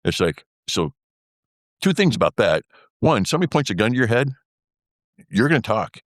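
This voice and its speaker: A man's voice: on the low side, big pitch swings, normal speed, no room sound. A man tells a story in casual interview talk. He rambles, leans on fillers and drops wry asides. The sound is dry and close. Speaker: interview guest, former pilot.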